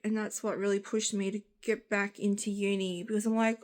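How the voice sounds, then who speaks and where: A woman's voice: medium pitch, little pitch movement, brisk, few pauses. A young Australian woman chatting frankly in a vlog, tired and groggy, rambling in long run-on sentences. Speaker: vlogger. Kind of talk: casual chat.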